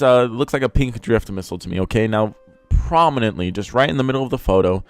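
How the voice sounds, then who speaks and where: A young man reviewing cars in a casual, profane rant at home, swinging from flat disgust into loud exasperated outbursts. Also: on the low side. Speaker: car reviewer. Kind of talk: casual ranting commentary. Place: home room.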